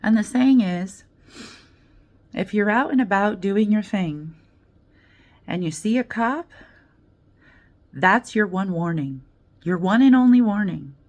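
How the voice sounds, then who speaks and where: An American woman talking casually in a diary vlog, telling an animated story and acting out the other people in it. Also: mid-range voice, takes it slowly, long pauses. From United States. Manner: animated storytelling, quoting voices, laughing, swearing. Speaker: vlogger.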